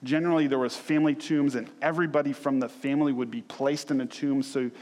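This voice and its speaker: A man preaching a sermon as a pastor, telling the story with animated asides and sudden loud acted-out outbursts. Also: medium pitch, quick pace, in a large hall.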